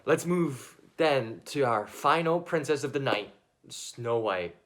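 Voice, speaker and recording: A man's voice: mid-range voice, lively intonation, slow, fairly bright tone. A man playing an awkward, hesitant reporter in a comedy news sketch. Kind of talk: mock news interview.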